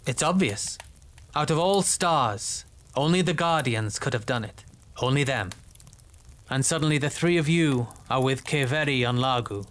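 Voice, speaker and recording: An actor playing a solemn, earnest male lieutenant in an audio drama, measured and formal. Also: mid-range voice, fairly bright tone, close to an everyday voice.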